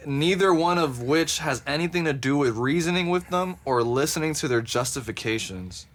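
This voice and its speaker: A man's voice: on the high side, lively intonation, moderate pace. A man co-hosting a podcast in casual chat, cursing freely and reading quotes aloud with a laid-back, amused delivery. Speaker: podcast co-host.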